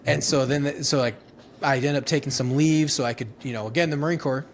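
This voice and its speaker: A man in his thirties, a former Marine, tells his stories in a loose, profane, laughing way. His voice sits at an ordinary middle pitch. Faint background noise runs under the recording. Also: fairly even intonation, quick pace. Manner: rambling, profane, laughing retelling with many restarts. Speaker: guest, former Marine infantryman. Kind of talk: casual storytelling interview.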